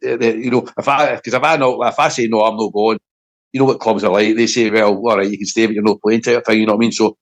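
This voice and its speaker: A middle-aged Scottish man with a somewhat low voice talks in relaxed interview chat. He stumbles and repeats his words, and he sounds moved as he recalls the past. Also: rough recording. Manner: halting, repeats words, emotional. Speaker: former footballer, podcast guest.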